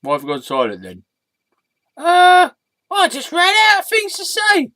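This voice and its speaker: A man voicing a blue sock puppet that grumbles and scolds in a soft voice. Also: very high voice, huge pitch swings, unhurried, no room sound, voice pushed up, heavily acted. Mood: scolding.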